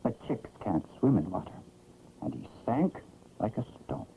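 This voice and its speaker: A man narrating a children's story in a gentle, expressive storytelling manner, from an old animated film. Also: on the low side, normal speed, faint music behind. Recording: tinny, lo-fi old film sound.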